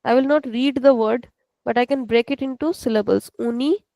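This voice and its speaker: A woman with an Indian English accent teaches a class over a video call. She explains patiently, step by step. Her voice is a touch high, with a gravelly edge, and the sound is dry and close. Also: steady tone, a little fast, mellow, no echo, low-quality recording. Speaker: language teacher.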